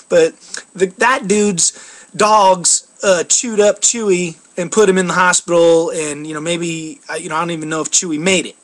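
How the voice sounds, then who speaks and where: Man, casual vlog storytelling, rambling, filler words, high voice. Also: a bit bright. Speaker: vlogger.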